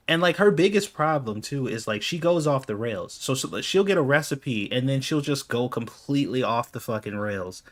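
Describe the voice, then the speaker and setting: A man's voice: mid-range voice, lively intonation, moderate pace, hardly any pauses. A man in the middle of his range tells stories casually over gameplay. He swears freely and sounds exasperated, breaking into laughter often. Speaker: gaming video creator.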